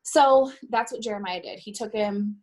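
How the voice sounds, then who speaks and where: A middle-aged woman being interviewed, recounting a painful personal account in a halting way and often stopping to correct herself. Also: medium pitch, darkish tone. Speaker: interviewee, bereaved mother.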